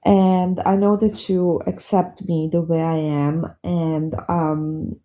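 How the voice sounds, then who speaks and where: A woman's voice: lowish voice, little pitch movement, takes it slowly, mellow, lo-fi sound. A woman who works as a witch, talking earnestly and confidingly to her viewers in a vlog. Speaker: witch and spell caster.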